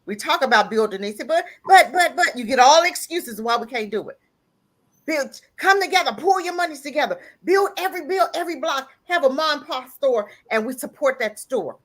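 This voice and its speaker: Animated and brisk, a woman calls in to a live talk show and launches into a heated, emphatic rant packed with repeated lines. She breaks into laughter at points and pushes her voice up to a near-crying pitch.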